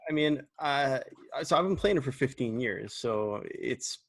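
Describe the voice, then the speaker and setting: A man in casual podcast chat who talks in a laid-back way, pausing on fillers before he finds his point. His voice sits at an ordinary middle pitch. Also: animated. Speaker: podcast guest.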